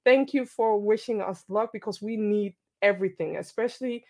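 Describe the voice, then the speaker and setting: A woman hosting an online panel, speaking with energetic asides and frequent repeated phrases as she introduces her guests. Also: medium pitch, moderate pace. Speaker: host.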